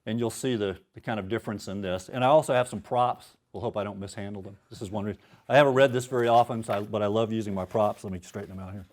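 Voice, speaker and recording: A man's voice: lowish voice, steady tone, fast talker, a little mellow. A man in his fifties, an author at a university event, chatting casually with self-deprecating asides before reading his prose aloud.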